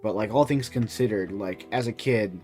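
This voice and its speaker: A man's voice: on the low side, moderate pace, a little mellow, soft background music. A young man streaming, reacting to a video with rambling, profane casual commentary full of restarts.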